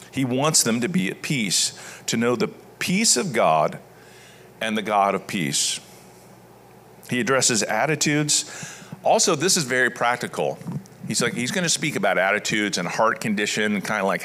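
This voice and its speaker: Guy preaching a sermon, bright voice, reads scripture then just talks it through casual. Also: medium pitch. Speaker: pastor.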